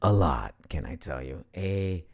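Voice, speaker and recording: A man's voice: low voice, big pitch swings, a little slow, gravelly. Middle-aged guy chatting on a home livestream at his computer, playful, hops around topics. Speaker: voice actor hosting a live Q&A. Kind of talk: casual live-stream chat.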